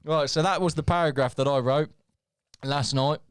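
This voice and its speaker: A man's voice: fairly high pitch, steady tone, moderate pace, clean tone, dry recording. A man co-hosting a podcast in casual, sweary, jokey banter. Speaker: podcast co-host. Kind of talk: casual chat.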